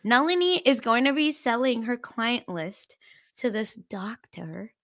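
Young woman, from India, podcast co-host, crisp bright tone, slightly high voice, bubbly casual chat. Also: very animated, a little slow. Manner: bubbly, chatty, full of fillers.

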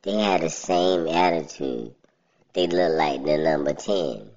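A woman's voice: animated, unhurried, darkish tone, lo-fi sound. A woman giving a rambling, slangy commentary on a video she is watching, laughing often. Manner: rambling, slangy, laughs often, voice jumps high when ranting. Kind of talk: casual reaction commentary.

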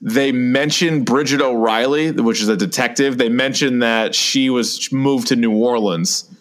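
A man's voice: fairly even intonation, a little slow. A man in casual podcast chat, griping about a show and acting out lines in a jumping voice. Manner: exasperated, acts out quotes with pitch jumps. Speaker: podcast co-host.

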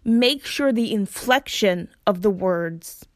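A woman's voice: medium pitch, animated, takes it slowly, no room sound. A woman talking casually and reflectively to her viewers, hesitant and searching for words with lots of fillers. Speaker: solo vlogger giving spiritual practice tips. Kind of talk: casual reflective talk to camera.

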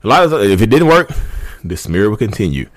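A YouTube channel host in his thirties talks casually to camera in a fairly low voice with big pitch swings, at a fairly quick pace and with no echo. He rambles chattily, often calls his viewers "y'all," and breaks into passionate rants.

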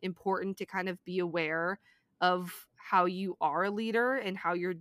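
A woman's voice: fairly low pitch, fairly even intonation, normal speed, a bit bright, no echo, studio quality. A woman co-hosting a podcast in casual chat, earnest and upbeat. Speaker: podcast co-host.

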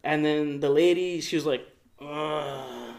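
A man's voice: on the high side, brisk. A young man casually telling a story on a podcast, slangy and profane, acting out the people in it. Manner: slangy, profane, animated retelling with voiced quotes. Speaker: podcast co-host.

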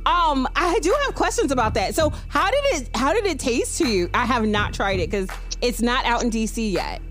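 A woman's voice: a little high, lively intonation, normal speed, fairly bright tone, soft background music. A woman hosting a podcast in casual interview chat, bubbly and laughing often. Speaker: podcast host.

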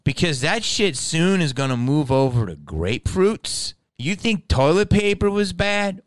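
A male comedian rants straight to camera in a comedic monologue, profane and animated. His voice is smooth and clear, and the recording is dry and close. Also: a little high, a little slow, few pauses, no room sound.

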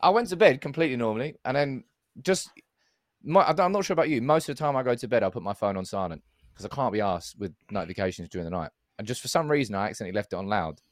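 A man co-hosting a podcast, telling anecdotes in animated, casual banter and swearing freely. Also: mid-range voice, very fast, no room sound, studio quality. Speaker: podcast co-host.

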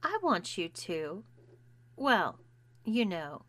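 A woman reading an audiobook, voicing a bossy young woman who coaxes and commands in a slow, bright voice. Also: lowish voice, big pitch swings, heavily acted. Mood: coaxing. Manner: coaxing, domineering.

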